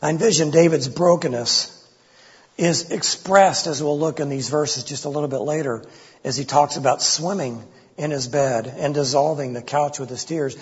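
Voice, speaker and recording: Man preaching, raspy voice, pretty high, impassioned, echoey church sound. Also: moderate pace. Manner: impassioned, voices the psalmist's pleas with rising intensity. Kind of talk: expository sermon. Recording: lo-fi recording with long hall reverb.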